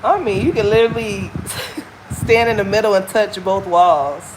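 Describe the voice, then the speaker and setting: A Southern American woman chats candidly to her camera as she walks, her voice sitting in a middle pitch. Traffic and steady outdoor noise run clearly under her voice. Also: normal speed, poor audio. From Southern United States. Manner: candid, chatty, folksy. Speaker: vlogger. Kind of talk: casual chat while walking. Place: outdoors on a walk.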